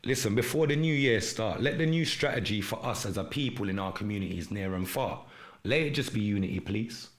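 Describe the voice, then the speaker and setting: A man hosting a live stream podcast, delivering an urgent, preachy monologue in street slang and shouting out viewers in the chat. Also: fairly low pitch, animated, a little fast. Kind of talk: impassioned livestream monologue with chat shout-outs.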